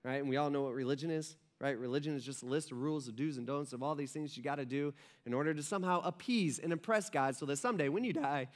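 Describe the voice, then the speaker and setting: High-voiced conversational male pastor. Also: fast. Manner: conversational, frequent "right?" asides; acts out quoted voices, drops soft and low for emphasis. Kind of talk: sermon.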